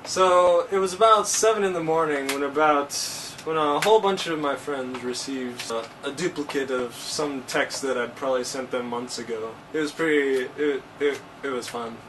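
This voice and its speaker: A man talking to camera in a casual vlog, joking and animated, his voice jumping up in pitch for emphasis. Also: moderate pace, few pauses. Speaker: vlogger. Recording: distant mic with faint ambient noise.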